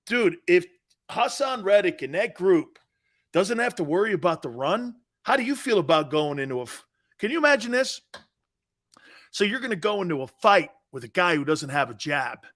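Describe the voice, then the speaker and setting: A man's voice: high-pitched, big pitch swings, normal speed, a bit bright. A middle-aged man, a former player turned sports talk host, giving blunt, emphatic opinions and calling the listener "dude".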